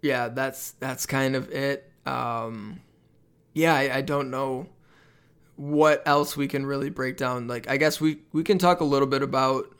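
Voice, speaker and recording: A man hosting a casual sports talk show, running through statistics in a quick, laid-back way. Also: mid-range voice, steady tone, fairly bright tone, clear, resonant tone. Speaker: host.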